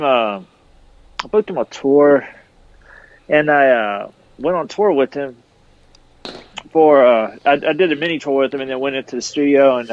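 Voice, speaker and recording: A middle-aged man who used to be a tour manager chats casually on a podcast in a mid-range voice, rambling and laid-back. There's no room sound, though the lo-fi audio is slightly dull.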